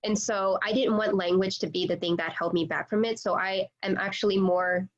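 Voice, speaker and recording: A woman's voice: mid-range voice, fairly even intonation, brisk, highs cut off. A woman working as a real estate agent, chatting casually on a video call, full of "like" and "you know".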